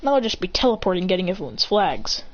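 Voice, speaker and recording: A woman's voice: on the low side, very animated, fast, slight background noise. A woman voicing a cocky, smug young male villain who can teleport, on a dull lo-fi recording.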